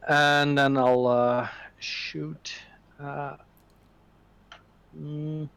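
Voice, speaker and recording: A man playing a tabletop game, very slow and hesitant as he decides his moves. His voice is close and dry. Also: fairly high pitch, fairly even intonation, vocal fry, fairly bright tone, clear, resonant tone, dry recording. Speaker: player. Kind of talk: casual tabletop play.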